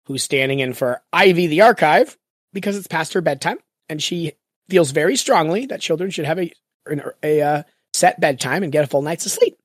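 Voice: mid-range voice, expressive, moderate pace, dry recording, clean studio sound. A podcast host chatting casually in a rambling, jokey way while recapping the story so far. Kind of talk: casual chat.

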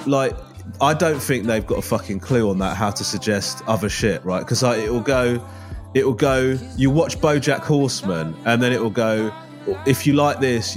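Male podcast host, casual, excitable, swears freely, light music bed. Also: mid-range voice. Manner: enthusiastic, sweary, lots of fillers. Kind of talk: casual chat.

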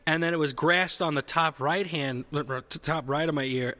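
A man with a bright, forceful voice and a slightly high pitch, telling a rambling comedic story in an easy, casual way. He corrects himself mid-sentence, circles back often and swears without a second thought. The sound carries a long hall reverb. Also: steady tone, normal speed.

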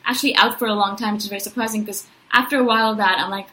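A woman talks straight to her viewers in a casual, rambling monologue. She runs through long lists in quick succession and keeps checking in with "right?" and "you know", at an ordinary middle pitch. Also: fairly even intonation, bright, forceful tone, low-quality recording. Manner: says "I'm like" and "I was like" before recounted thoughts. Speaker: personality-type vlogger.

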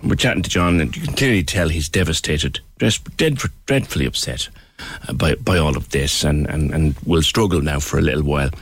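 A man's voice: rumbling low, animated, fairly quick, hardly any pauses, breathy edge, no room sound, soft background music. A man hosting a phone-in radio show, speaking earnestly and often repeating words as he goes.

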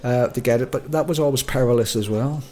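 A man's voice: mid-range voice, quick pace, darkish tone. A man in his sixties from Northern Ireland, co-hosting a podcast in casual chat, rambling with many restarts and chuckles. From Northern Ireland, outside Belfast. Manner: rambling, self-interrupting, chuckling. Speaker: podcast co-host.

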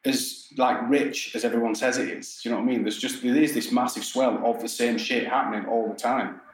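A man's voice: mid-range voice, fairly even intonation, a little fast. Blunt, swearing man in echoey room. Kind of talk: casual podcast discussion. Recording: echoey room with faint background noise.

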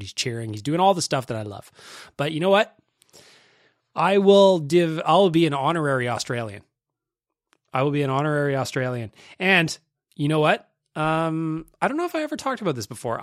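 Candid, swearing podcast host. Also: male voice, medium pitch, fairly bright tone, no echo, studio quality. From Canada. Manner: candid, profane, confessional. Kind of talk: casual podcast chat.

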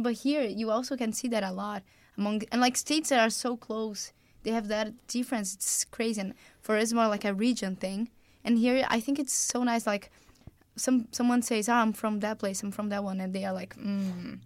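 A woman's voice: on the high side, steady tone, normal speed, no echo. Young Brazilian woman, English. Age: young adult. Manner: eager, non-native phrasing, restarts. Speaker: guest, student athlete. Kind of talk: casual interview chat.

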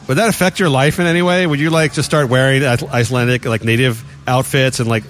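Male podcast host, mid pitch, sardonic ranter who chuckles through it. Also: fairly even intonation, fast talker, a bit bright. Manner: wry, ranting, laughs often. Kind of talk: casual chat.

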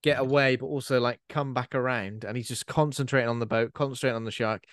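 A man's voice: medium pitch, steady tone, quick pace, a bit bright, no echo, clean studio sound. A man co-hosting a horror podcast, chatting through a film plot and checking details with his co-host. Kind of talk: casual film recap chat.

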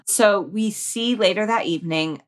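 A woman's voice: mid-range voice, normal speed. A woman co-hosting a podcast, chatting casually and exclaiming at the characters as she recaps a TV episode. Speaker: podcast co-host. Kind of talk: casual chat recapping a TV show.

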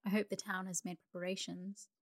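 A woman's voice: medium pitch, level tone, a little fast, no echo, studio quality, natural voice. A woman doing the Swallow, a fussy little bird. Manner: fussy and self-important. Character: fussy, proud male swallow, a small bird. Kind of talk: storybook reading for sleep.

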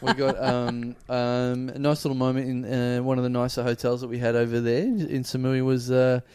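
An Australian man hosting a casual comedy podcast, telling rambling, halting anecdotes full of quoted dialogue. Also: mid-range voice, completely flat delivery, warm tone, smooth. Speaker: podcast host.

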